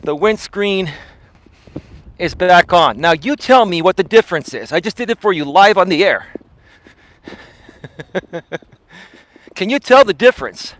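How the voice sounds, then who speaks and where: A man with a somewhat high speaking voice hosts a live coaching stream as he walks an outdoor trail. He talks casually but preachily, leaning on rhetorical questions. His voice comes through a foam-covered mic close to his face. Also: expressive, unhurried, long pauses, fairly bright tone. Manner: conversational and preachy, with frequent rhetorical "right?" tags; talks while walking. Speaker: personal development coach and live-stream host. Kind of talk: casual live-streamed talk while walking. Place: windy outdoor bay-side trail.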